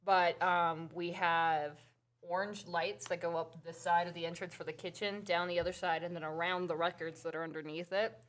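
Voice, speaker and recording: A woman's voice: lowish voice, level tone, moderate pace, fairly bright tone. Giggly, enthusiastic woman chatting as a guest. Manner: giggly, enthusiastic, swears casually. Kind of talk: casual live-stream chat.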